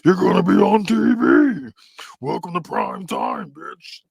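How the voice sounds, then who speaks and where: A man voicing a mocking, menacing male dream killer, sneering his taunts in a deep snarl. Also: huge pitch swings, slow, creaky, darkish tone, breathy edge, no room sound, exaggerated voice. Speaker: podcast host.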